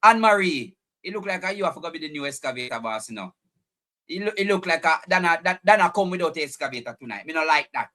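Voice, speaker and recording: A man with a Jamaican accent runs a live stream, talking fast in a slightly high voice. He's animated, repeats phrases, and speaks straight to the viewers in chat.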